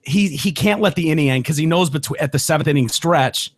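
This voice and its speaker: A man hosting a casual podcast, telling stories with lots of swearing, laughter and loud voices for the people he quotes. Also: fairly high pitch, brisk, no room sound. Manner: swears freely, laughs often. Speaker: podcast host.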